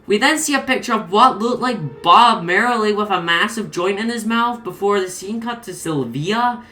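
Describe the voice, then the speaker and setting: A woman's voice: mid-range voice, moderate pace, sharp tone. A woman narrating a comedic horror story, exasperated and swearing heavily. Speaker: creepypasta reader.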